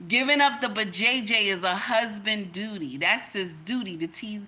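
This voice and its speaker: A woman's voice: mid-range voice, normal speed, hardly any pauses, bright, forceful tone. A woman hosting a reaction video, giving casual commentary in an emphatic, preachy way that repeats phrases for effect.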